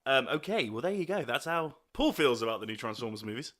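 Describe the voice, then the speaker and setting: Man, podcast host, casual chat, teasing, bright tone, lively pitch. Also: fast talker. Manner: teasing, joking, laughs easily.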